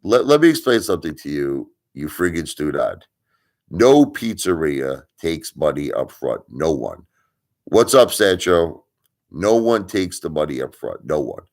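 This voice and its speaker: A man's voice: extremely low pitch, sing-song, unhurried, darkish tone. A middle-aged man from Brooklyn who hosts a live stream, telling stories and ranting in a blunt, emphatic way with casual swearing. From Brooklyn, New York. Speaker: livestream host.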